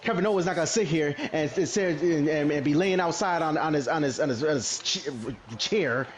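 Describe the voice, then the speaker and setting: Man, fast ranting podcast co-host, faint room hiss behind. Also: fairly high pitch. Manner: ranting, exasperated. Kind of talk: casual wrestling chat.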